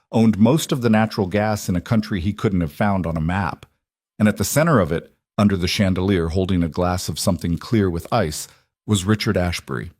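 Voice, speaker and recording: Male narrator for an audio story, low and steady, bone-dry close recording. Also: dry recording.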